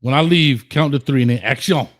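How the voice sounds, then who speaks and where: A man's voice: medium pitch, a little fast. A man hosting a casual livestream, playfully bossy as he directs the take.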